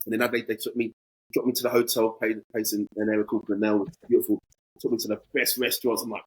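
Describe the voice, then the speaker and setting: A man's voice: mid-range voice, animated, fast, breathy edge, rough recording. A man in his forties, a podcast guest telling a casual anecdote with animation and acting out both sides of conversations.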